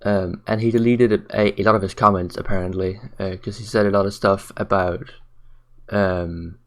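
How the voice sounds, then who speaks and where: A man's voice: on the low side, steady tone, normal speed. A man ranting on camera in a blunt, profane, mocking way, tired late at night. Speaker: commentary vlogger. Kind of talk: ranting commentary.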